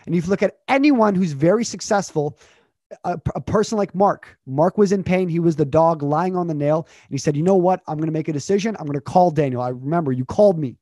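Energetic man coaching with rising questions. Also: a little high, quick pace, dry recording, studio quality. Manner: energetic, repeats himself, builds questions. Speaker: communication coach. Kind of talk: motivational interview chat.

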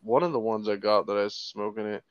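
A man's voice: lowish voice, fast, smooth, no room sound, lo-fi sound. A man chatting casually on a podcast, laid-back and giving short replies. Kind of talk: casual chat.

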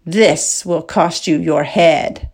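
A woman's voice: sits low, slow pace, exaggerated voice. A woman reading a novel aloud, voicing an indignant male king who declaims accusations to a crowd. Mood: declaiming.

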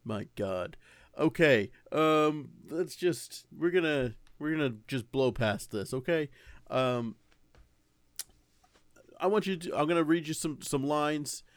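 A man's voice: on the high side, animated, takes it slowly, dry recording. A man directing a recording session in a comic sketch, rambling and coaxing in a patient way. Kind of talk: comedic improvised sketch.

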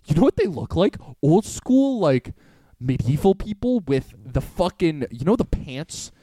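High, lively-voiced young man chatting. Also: measured pace, no room sound. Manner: laughing, swearing storyteller. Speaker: podcast co-host. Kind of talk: casual chat.

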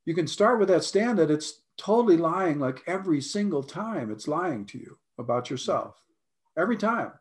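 An American man, a life coach, talking earnestly in a conversation, often clearing his throat and repeating his points. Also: fairly high pitch, animated, normal speed.

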